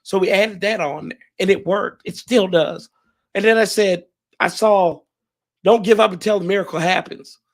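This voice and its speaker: A man hosting a fan livestream, hoarse and emotional, thanking his viewers in a rambling, heartfelt way with many restarts. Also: sits high, normal speed. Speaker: fan show host.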